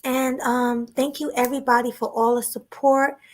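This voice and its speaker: A woman with a fairly high voice co-hosts a casual livestream show. She chats in a relaxed, friendly way with her guests and thanks the viewers warmly. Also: normal speed, slight background noise. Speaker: podcast co-host.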